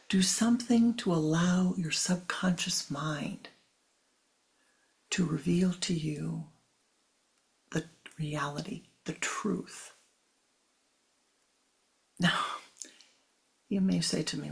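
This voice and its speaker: With a gravelly, mid-range voice, a spiritual teacher delivers an unhurried meditative talk. There's frequent repetition of phrases and soft, whispery passages.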